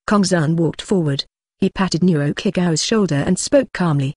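A synthetic voice narrating a fan-fiction audiobook in a flat, even reading with odd phrasing. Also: mid-range voice, a little slow, no room sound.

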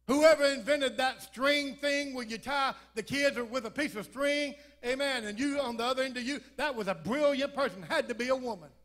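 A man preacher telling a lively, joking story in a humorous sermon at church. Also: very high-pitched, moderate pace, few pauses.

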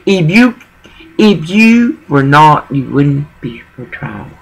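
A woman's voice: low voice, sing-song, slow, slight background noise, rough recording. A woman talking in a rambling personal monologue, emotional and digressive, often repeating herself.

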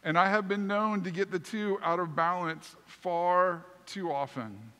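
Bright-voiced pastor in a reverberant church. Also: male voice, high voice, unhurried, clear, resonant tone. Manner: animated, self-deprecating storyteller. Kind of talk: sermon storytelling. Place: church sanctuary.

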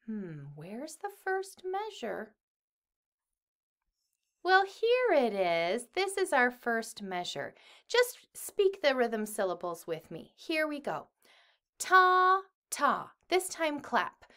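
A woman music teacher leading young children through a clapping lesson online, speaking the rhythm syllables and singing along with them. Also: mid-range voice. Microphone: computer mic at a desk.

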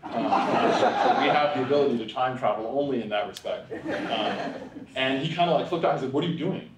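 A man's voice: mid-range voice, moderate pace, heavy background noise. Young male speaker from New York, lecture with jokes, conversational and wry, lots of fillers; mic picks him up from a distance in a reverberant room. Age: young adult. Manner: conversational, frequent "um" and "right?", wry asides. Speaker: public speaker. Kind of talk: lecture talk with humorous asides. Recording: echoey hall, voice from far off.

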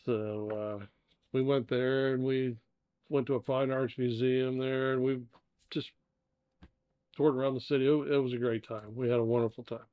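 An older man from the United States chats on a podcast, wandering through travel stories with plenty of "you know" and "uh". His voice sits at a middle pitch. The recording is dry and a little dull. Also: flat delivery, normal speed, smooth, no room sound. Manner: easygoing storyteller with fillers. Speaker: co-host, the father. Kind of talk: casual podcast chat. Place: indoor dining room.

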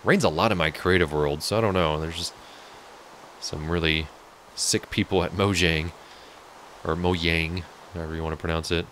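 A let's play host with a low, steady, slightly bright voice walks through his game build at a normal speed. He's chatty and cracks jokes with his viewers in this casual gameplay commentary, and there's a little background noise.

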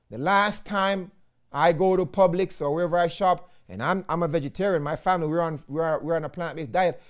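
A man with a Jamaican accent, an evangelist preaching a sermon in an animated way, often calling his listeners "friends". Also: on the high side.

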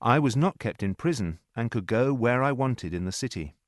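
A man narrating a story in a slow, clear reading voice. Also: medium pitch, expressive, no echo, studio quality. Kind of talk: scripted narration.

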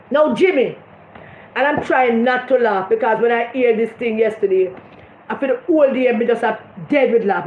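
A high-voiced Jamaican woman rants about local politics in a blunt, mocking way, dropping into patois. Her voice rings around a roomy space, and the recording sounds slightly dull. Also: slight background noise. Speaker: political commentator. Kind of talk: casual political commentary vlog.

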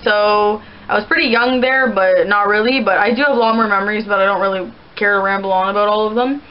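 A woman's voice: mid-range voice, steady tone, fast, clean tone. Chatty young woman, lo-fi. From Canada. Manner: rambling, chatty, many "like" fillers. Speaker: vlogger answering viewer questions. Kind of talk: casual chat to camera.

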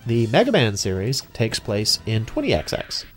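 A man's voice: on the low side, normal speed, faint music behind. Chatty young man narrating gameplay. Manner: chatty, excitable, many restarts and fillers. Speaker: let's play host. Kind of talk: casual gameplay commentary.

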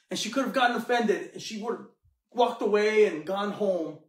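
A man's voice: high voice, moderate pace, distant mic. A man preaching a sermon, telling the story dramatically and acting out the characters. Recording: echoey room, mic from afar.

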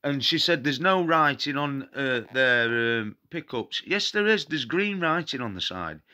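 A man's voice: mid-range voice, big pitch swings, measured pace, pushed and bright. A man with a Nottinghamshire accent, a paranormal vlogger, ranting to camera in an indignant, repetitive and defiant way. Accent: Nottinghamshire English. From England. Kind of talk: angry direct-to-camera rant.

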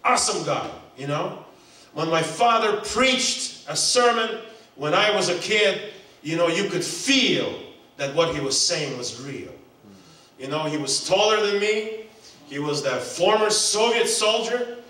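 A man preaching at a seminar, animated, breaking into loud mock calls and quizzing his audience. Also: high voice, measured pace. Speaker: seminar speaker. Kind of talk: sermon. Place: hotel hall. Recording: very echoey hall, mic far off.

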